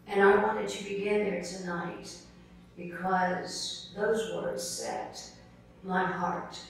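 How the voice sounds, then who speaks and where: A middle-aged woman, giving an earnest, storytelling acceptance speech and speaking straight to the crowd. Her voice sits at a moderate pitch and is caught from well back in a large, very echoey formal hall. A faint background hum runs underneath. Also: flat delivery, slow pace. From South Carolina, US. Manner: earnest storyteller who keeps addressing the crowd as folks. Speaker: novelist accepting an award. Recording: echoey hall picked up from a distance.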